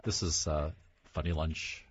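A man's voice: rumbling low, steady tone, a little slow, slight background noise. A man, an author guest, talking casually and hesitantly, with many fillers. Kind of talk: casual interview talk. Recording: dull lo-fi sound.

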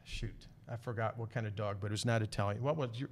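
A man's voice: lowish voice, fairly even intonation, fast talker, a little hiss or hum. Chatty man telling backstage stories. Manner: chatty storyteller, laughs often. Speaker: podcast host. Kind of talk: casual chat.

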